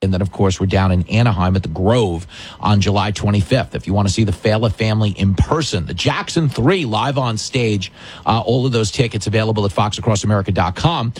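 A man's voice: fairly low pitch, brisk. A middle-aged man hosting a call-in radio show, chatting casually and joking about himself. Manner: chatty, jokey, self-deprecating.

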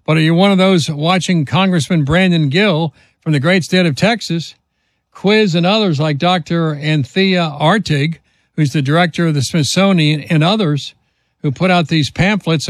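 Male talk radio host, indignant and emphatic, fairly high voice, dry studio sound. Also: no echo.

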